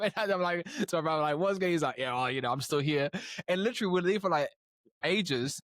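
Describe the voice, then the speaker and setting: A man's voice: a little high, fairly quick, no echo, studio quality. A young man with a New Zealand accent, chatting casually on a podcast and acting out the people in his stories. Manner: animated, acts out dialogue in stories. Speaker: podcast guest. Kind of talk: casual storytelling chat.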